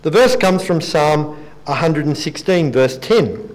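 A man with a fairly high speaking voice delivers a sermon. He keeps it conversational and pokes fun at himself, then slows into reading scripture aloud to the congregation. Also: expressive, low-quality recording. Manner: conversational and self-deprecating, reads scripture aloud. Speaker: preacher.

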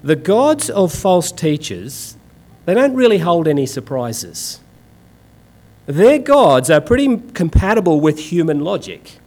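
Aussie guy preaching, slightly high voice, swings up and down a lot, punchy and sarcastic. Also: sing-song, unhurried, darkish tone. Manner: emphatic, sarcastic, colloquial. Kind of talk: sermon.

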